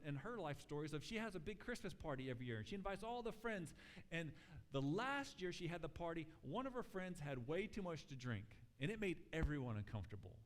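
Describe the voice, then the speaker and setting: A man preaching a sermon in a church sanctuary, his fairly high voice carrying a long reverb through the hall. He talks casually and with animation, acting out quotes as he tells stories. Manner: conversational, animated storytelling with acted quotes. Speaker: pastor.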